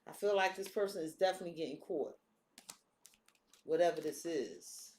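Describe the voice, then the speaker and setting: A woman's voice: fairly low pitch, moderate pace, a little mellow. Woman, tarot reader, blunt and profane, echoey room, faint hiss. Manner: blunt, profane, streetwise talk. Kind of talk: casual tarot reading monologue.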